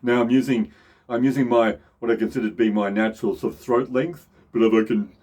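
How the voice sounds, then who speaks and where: Middle-aged man, casual voice lesson, mid-pitched voice, repeats himself, restarts sentences. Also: fairly even intonation, a little fast, darkish tone. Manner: restarts and repeats phrases often; shifts into demonstration voices. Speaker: voice teacher.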